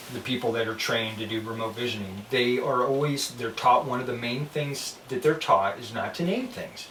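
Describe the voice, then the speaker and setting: Guy on a podcast musing out loud, lots of restarts, roomy echo. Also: medium pitch, far from the mic, a little hiss or hum. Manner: reflective, hesitant restarts. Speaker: podcast guest. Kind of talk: casual chat.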